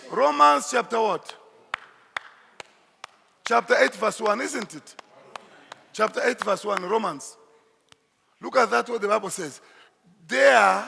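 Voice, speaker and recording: Male pastor, bright gravelly voice, slow emphatic sermon delivery, echoey church hall. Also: extremely high pitch. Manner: emphatic preaching, shifts into Swahili asides.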